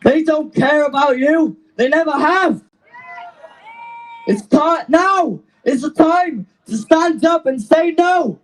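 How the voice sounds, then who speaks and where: A young man, a student activist, giving an impassioned, defiant speech to an outdoor rally, shouting and out of breath. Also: very high-pitched, slow pace, slight background noise, poor audio. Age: young adult.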